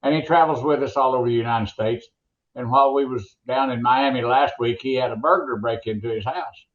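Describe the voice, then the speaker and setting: An older man with an Oklahoma accent, a former monster truck announcer, appears as a guest telling stories and jokes in a casual interview. He's folksy and rambling, with a medium-pitched, fairly quick voice, and the highs are cut off.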